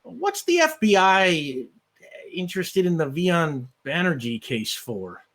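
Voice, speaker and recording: A man's voice: fairly high pitch, sing-song, slow pace, fairly bright tone, voice pushed up, full character voice. A man voicing a weary rural sheriff with a put-on Southern US accent, laid-back and shrugging. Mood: unbothered.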